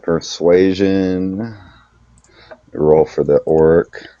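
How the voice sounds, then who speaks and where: Deep, slow-talking man running a game. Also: fairly even intonation, dark tone, no room sound. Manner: halting, searches for words, laughs easily. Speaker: game master. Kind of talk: narrating a tabletop game. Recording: dull, muffled, dry sound.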